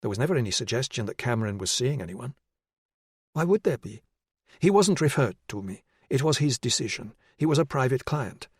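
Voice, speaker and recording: A male audiobook narrator voicing a nervous woman psychiatrist in her late forties, speaking in a hesitant, measured way. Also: mid-range voice, lively intonation, husky, dry recording, clean studio sound. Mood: guarded.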